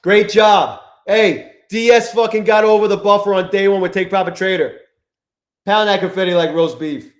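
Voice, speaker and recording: A man live-streaming his trading, cursing constantly and swinging between low muttering and angry shouting at the market. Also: steady tone, moderate pace. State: frustrated and angry. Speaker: livestreaming futures trader.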